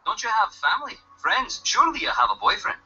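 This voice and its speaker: An actor playing a blunt local man in a video game who finds people, with a raspy, heavily accented voice. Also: very high-pitched, very animated, brisk, pushed and bright, soft background music, heavily acted. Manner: heavy accent, dry and blunt. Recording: dull lo-fi game audio.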